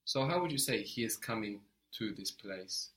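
Male language tutor, low voice, patient, asks questions and praises briefly. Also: animated, normal speed, pushed and bright. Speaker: language teacher. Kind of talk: guided language lesson.

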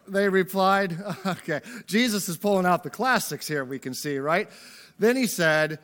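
A man's voice: high voice, unhurried, a bit bright. Casual, joking man preaching a sermon. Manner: casual, joking, tags lines with "right?". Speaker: pastor. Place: church service before a congregation.

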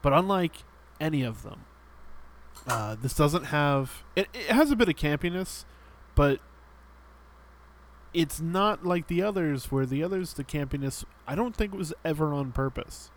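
A man's voice: on the high side, lively intonation, a little slow, slight background noise. A man co-hosting a casual podcast, explaining a game in a rambling way with many fillers. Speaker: podcast co-host. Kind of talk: casual chat.

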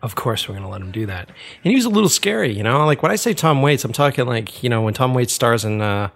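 A man's voice: medium pitch, fast, vocal fry, faint music behind. Chatty man telling a story. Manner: chatty and animated, laughs often, many fillers. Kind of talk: casual storytelling.

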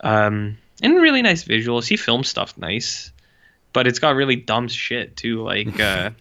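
A man talks in a rambling, sarcastic, offhand way, full of "like", in casual podcast chat. His voice sounds bright and forceful. The recording is dull and lo-fi. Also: medium pitch, sing-song, unhurried. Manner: rambling, sarcastic, heavy use of "like". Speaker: podcast co-host reviewing short films.

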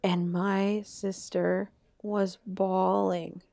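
A woman's voice: medium pitch, flat delivery, drawn-out words, creaky, warm tone, no echo. A young woman co-hosting a podcast, telling a personal story in a rambling, emotional way with many restarts. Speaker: podcast co-host. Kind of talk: casual chat, storytelling.

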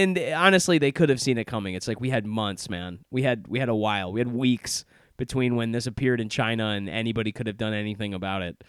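Young man, podcast host, rambling, sardonic, smooth resonant voice, dry close mic. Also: mid-range voice, dry recording. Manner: rambling, self-deprecating and sardonic. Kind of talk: casual podcast intro monologue. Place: office in Chicago.

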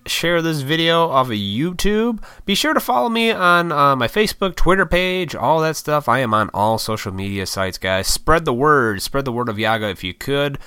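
American guy ranting on his podcast, bright crisp voice, dry sound, swears a lot. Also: fairly low pitch, no room sound. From United States. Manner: profane, rambling, frequent laughs. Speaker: podcast host. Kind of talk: casual solo podcast rant.

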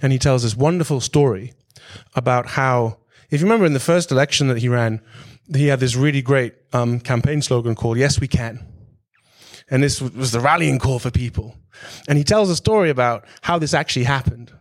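Man, mid-pitched voice, business talk, direct, conversational. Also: brisk. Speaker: speaker giving a business talk. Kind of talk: presentation.

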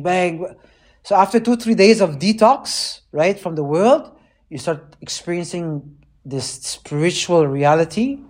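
A man, a priest, preaching in a casual, animated way and often checking in with his listeners. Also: on the high side. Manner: animated, keeps asking listeners "right?". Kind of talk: conversational sermon.

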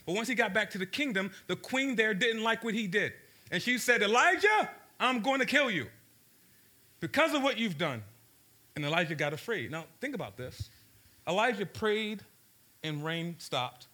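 A man's voice: high voice, pushed and bright. A man from Baltimore preaching a sermon to a live audience, engaging the crowd with questions and telling stories with shifting pace. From Baltimore, USA. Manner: storytelling, shifts pace for emphasis.

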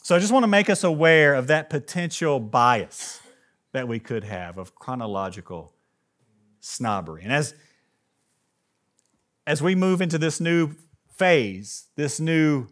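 A man's voice: a little high, animated, a little slow, long pauses, a bit bright. A man preaching a sermon to his church in a conversational, earnest way, often restarting phrases and lifting his voice when he reads a quotation aloud. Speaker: pastor. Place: church service with live congregation.

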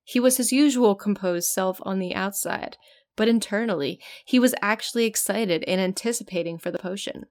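A woman with a medium-pitched, darkish voice reads a fan fiction story aloud at a moderate pace. She's casual and giggly, breaking off between lines to joke about the text.

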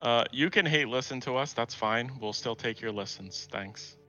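A man's voice: mid-range voice, moderate pace, sharp tone, lo-fi sound, faint music behind. A man co-hosting a casual gaming podcast, speaking dryly and trailing off at the end of lines. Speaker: podcast co-host. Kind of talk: casual chat.

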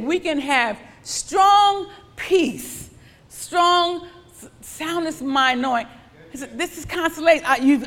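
Woman preaching in a reverberant hall. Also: a little high. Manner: animated, with call-and-response. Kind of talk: sermon.

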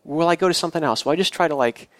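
A man's voice: on the high side, very fast, fairly bright tone, dry recording. A male pastor who grew up in the country, preaching in a church in a conversational way with restarts and asides. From rural area. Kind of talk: sermon.

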